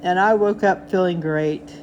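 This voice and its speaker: This is the host of a chart update show, an older woman whose fairly low, slightly mellow voice comes through unhurried, with the highs cut off and a bit of background noise. Cheerful and talkative, she reviews charts casually and speaks sweetly to her cats.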